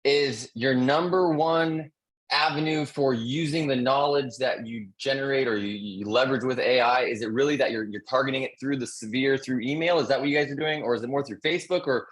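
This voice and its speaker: A man's voice: mid-range voice, a little fast. Casual man asking a host question. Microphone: video call.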